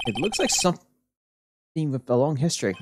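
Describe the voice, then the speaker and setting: Low-voiced woman reading game text. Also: big pitch swings, a little fast, noisy background. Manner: plain, low-key reading with small asides. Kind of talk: reading game dialogue aloud while playing. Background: game music.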